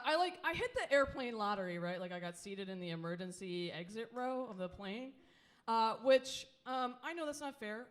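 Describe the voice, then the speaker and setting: A woman in her late thirties with a Philadelphia accent doing a live stand-up set, chatty and self-deprecating, laughing through her lines. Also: medium pitch. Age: late 30s. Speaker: stand-up comedian. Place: comedy club stage.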